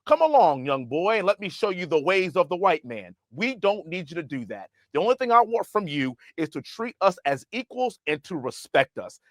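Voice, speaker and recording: A man's voice: fairly high pitch, no room sound. A man speaking as a congressman guest in a political interview, emphatic and impassioned. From United States.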